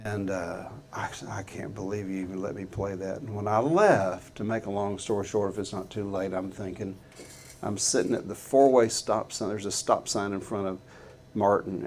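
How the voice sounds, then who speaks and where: A middle-aged man telling an earnest, folksy story to a live audience in a guitar showroom, halting often with fillers. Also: lowish voice, darkish tone, slight background noise.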